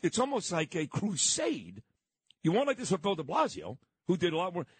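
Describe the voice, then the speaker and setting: A male talk show host, brash, blunt and fond of teasing. His voice sits a little high and husky, swinging widely in pitch. The sound is dry and close. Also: wildly swooping pitch, normal speed, no echo. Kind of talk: casual chat.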